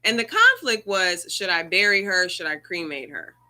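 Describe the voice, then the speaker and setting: A woman's voice: fairly low pitch, very animated, normal speed, pushed and bright. A woman hosting an online circle, telling a personal story in an earnest, conversational way over a video call. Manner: earnest, conversational, rising emotion. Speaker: circle host.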